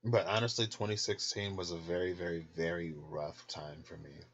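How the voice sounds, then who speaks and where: Deep voiced guy just chatting loose n honest from bed, munching snacks, kinda muffled recording. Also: steady tone, normal speed, a little hiss or hum. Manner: candid, loose and chatty, laughs often; snacking while talking. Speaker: tarot channel host. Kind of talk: casual late-night rambling vlog. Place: in bed at home.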